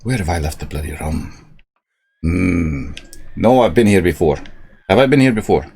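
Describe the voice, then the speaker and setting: A man's voice: extremely low pitch, fairly even intonation, a little slow, gravelly, a little mellow, breathy edge, full character voice. A man voicing a drunk male space pirate hunting for rum, with a put-on Scottish brogue that drifts toward Irish, blustering and swaggering.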